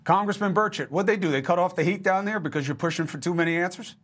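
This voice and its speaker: A man's voice: sits high, fast, fairly bright tone. A man hosting a TV news interview, asking direct and pressing questions. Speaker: TV news host.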